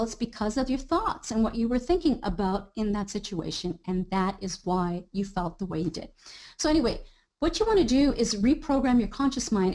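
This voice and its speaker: Woman coach, casual live training, lively delivery that slips into quoted inner monologue. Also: fairly high pitch. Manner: animated, acts out inner thoughts in quoted asides. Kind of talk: live online training talk.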